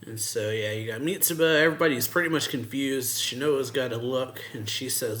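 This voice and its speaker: A man's voice: medium pitch, normal speed, hardly any pauses, a bit bright. A man hosting his own channel, casually reviewing a manga chapter, retelling scenes with lots of loose fillers. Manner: recaps scenes by paraphrasing character dialogue with loose fillers.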